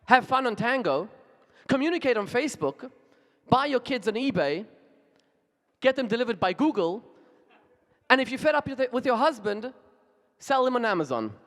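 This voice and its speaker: A man's voice: very high-pitched, sing-song, normal speed, pauses often, fairly bright tone, voice pushed up, full character voice. A man telling a joke voices a father answering his daughter with sarcastic mock enthusiasm, in a large reverberant hall.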